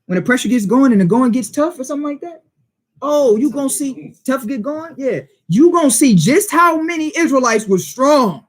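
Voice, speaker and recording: A man's voice: very high-pitched, animated, moderate pace. A man teaching a Bible study in informal preaching style, emphatic and full of rhetorical questions and street slang.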